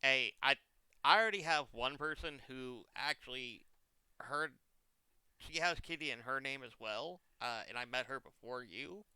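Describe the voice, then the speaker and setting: Young man, streamer, casual comic rambling, smooth clear voice, dry close sound. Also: mid-range voice, moderate pace, pushed and bright, no echo. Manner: rambling comic storytelling, exaggerated quoted voices. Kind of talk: casual chat.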